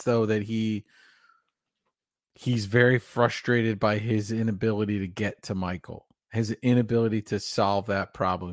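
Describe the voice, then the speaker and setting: A man's voice: on the low side, no echo, clean studio sound. A man co-hosting a podcast, talking through a film in a loose, musing way with fillers. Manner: conversational, musing with fillers and asides. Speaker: podcast co-host. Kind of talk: casual movie discussion.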